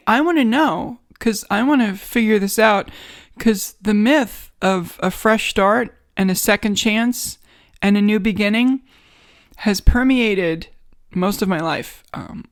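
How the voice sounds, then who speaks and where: A woman with a New York accent hosting a podcast, giving a wry, sarcastic, rambling comedic monologue from a home studio in a guest bedroom. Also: medium pitch. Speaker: podcast host.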